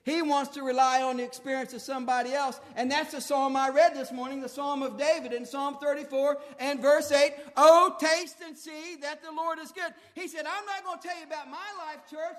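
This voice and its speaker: A man preaching a sermon in a colloquial, folksy way, swinging between hushed tones and shouting as he acts out dialogue. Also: extremely high pitch, fairly even intonation, normal speed, few pauses. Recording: long hall reverb.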